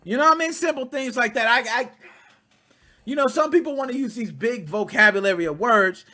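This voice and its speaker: A man in his thirties hosting casual commentary, talking straight to his viewers in a blunt, profane, animated way. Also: very high voice, a little fast. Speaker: commentary channel host.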